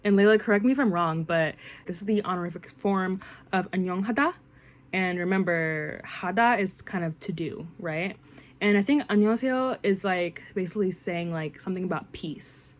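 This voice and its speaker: A woman's voice: lowish voice, fast. Chatty young woman teaching phrases. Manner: chatty, rambling, filler-heavy, animated when quoting phrases. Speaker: language learning vlogger. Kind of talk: casual language lesson.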